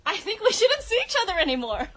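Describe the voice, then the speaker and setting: A woman playing a melodramatic, bright young girlfriend. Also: very high voice, sing-song, quick pace, pitched above the performer's own voice, exaggerated voice. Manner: melodramatic, giggly. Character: overdramatic young girlfriend breaking up. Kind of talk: ad-libbed comedy sketch. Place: radio studio.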